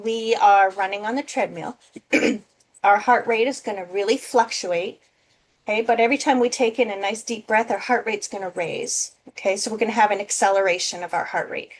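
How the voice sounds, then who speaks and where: A woman's voice: mid-range voice, moderate pace. A woman teaching as a nursing instructor in a casual recorded lecture, often checking in with "okay?".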